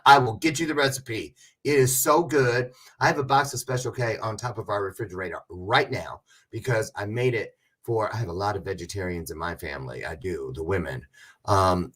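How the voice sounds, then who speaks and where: Man livestream host, chatty and teasing, very animated pitch, mid voice. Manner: chatty, joking, rambling with self-aware asides. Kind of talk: casual livestream chat with viewers.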